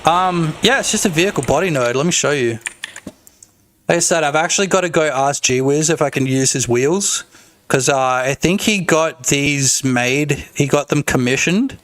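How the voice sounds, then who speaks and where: A man streaming while he develops a game, chatting casually and excitably, swearing and rambling. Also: a little high, normal speed. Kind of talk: casual livestream chat.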